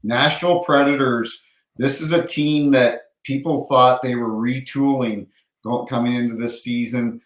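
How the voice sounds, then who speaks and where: A middle-aged man, an NHL referee, telling an animated hockey anecdote in casual storytelling, acting out the voices of others. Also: mid-range voice, a little slow. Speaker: NHL referee, podcast guest. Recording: roomy echo.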